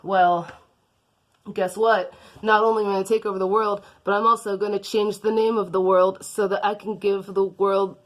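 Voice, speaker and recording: A woman's voice: mid-range voice, flat delivery, moderate pace, voice pushed up, close to an everyday voice. A woman voicing a smug, boastful male supervillain who scorns others.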